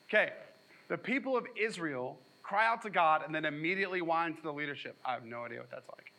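A man's voice: a little high, animated, a little fast, bright, forceful tone, poor audio. A man preaching a sermon in a casual, jokey way, slipping into sarcastic voices when he quotes people. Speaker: pastor.

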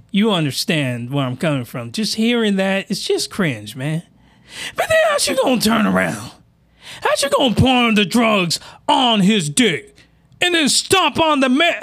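A man with a high-pitched voice reacts to an anime episode with excitable, crude commentary. He breaks into shouting outbursts that crack his voice, then drops back to disbelieving mutters. He is recorded close on a desk mic.

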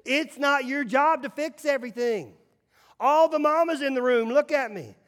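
High-voiced preacher in a reverberant hall. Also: male voice, moderate pace. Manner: emphatic, swinging between loud calls and hushed asides. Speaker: pastor. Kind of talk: sermon. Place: church sanctuary.

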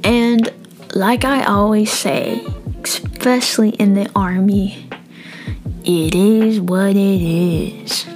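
A young woman tells a story in a loose, profane way, acting out the dialogue and sometimes slipping into a whisper. Her pitch sits in the middle. Faint music plays behind her. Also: slow pace. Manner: animated and profane, acts out dialogue, drops into whispers. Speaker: vlogger. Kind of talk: casual storytelling.

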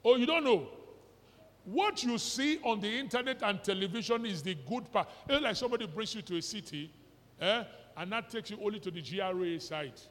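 A man's voice: high-pitched, fairly quick, fairly bright tone. A middle-aged man with a Nigerian accent preaching a sermon, mixing pidgin and English and firing rhetorical questions at the congregation. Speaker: pastor. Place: church hall. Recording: reverberant church hall recording.

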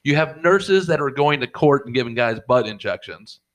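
Man, podcast host, casual chat, profane, lively pitch. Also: moderate pace, low-quality recording. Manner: animated, profane, jumps into high shouted quotes.

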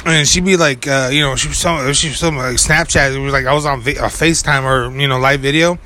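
A man's voice: medium pitch, fairly even intonation, brisk, bright, forceful tone. A young man telling a rambling story in casual chat, full of filler words and swearing. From California. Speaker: podcast co-host.

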